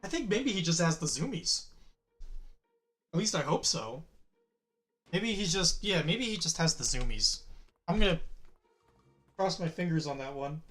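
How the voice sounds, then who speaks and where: A man's voice: a little high, expressive, moderate pace, pauses often, a bit bright, faint music behind. Chatty man streaming a game. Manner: chatty, thinks aloud, laughs easily. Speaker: gaming streamer. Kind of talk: casual let's-play commentary. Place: at home. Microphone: desk mic.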